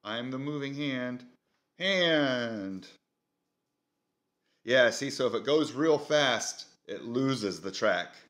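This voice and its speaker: A man's voice: mid-range voice, expressive, slow pace, pauses often, a bit bright. A man hosting a casual product demo, easygoing and thinking aloud as he goes. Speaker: product reviewer.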